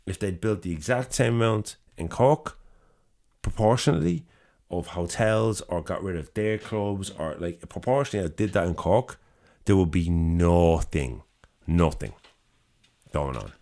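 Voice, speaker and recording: A man's voice: sits low, animated, measured pace, mellow. A young man with a Dublin accent, co-hosting a podcast and arguing his case emphatically, swearing freely and stacking repeated phrases. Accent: Dublin Irish. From Dublin, Ireland. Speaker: podcast co-host. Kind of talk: casual debate over drinks.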